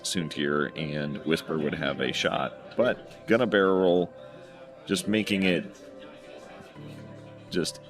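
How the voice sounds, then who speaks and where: A man giving casual play-by-play commentary on a tabletop miniatures game, calmly explaining each move. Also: a bass voice. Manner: relaxed, explains moves step by step.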